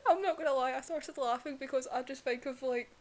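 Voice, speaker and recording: A woman's voice: high voice, brisk, darkish tone. A young woman, ranting casually and emotionally in a vlog, laughing often and swearing. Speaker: vlogger reviewing manga.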